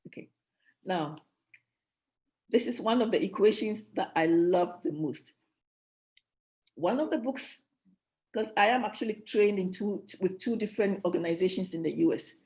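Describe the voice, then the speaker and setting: A woman's voice: mid-range voice, moderate pace, pauses often, mellow. A woman giving a motivational leadership teaching at a church, emphatic, repeating key phrases and restarting her sentences.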